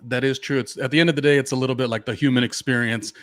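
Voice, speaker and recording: A man's voice: medium pitch, steady tone, racing, no room sound. A man hosting a podcast interview, chatty and enthusiastic, asking questions with casual fillers. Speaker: podcast host.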